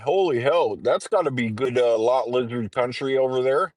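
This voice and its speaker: This livestreamer, a man in trucker training, has a mid-range, somewhat dark voice and talks at a normal speed. Congested and rambling, he fills his casual morning stream with throat-clearing and filler words. The recording is dry and close.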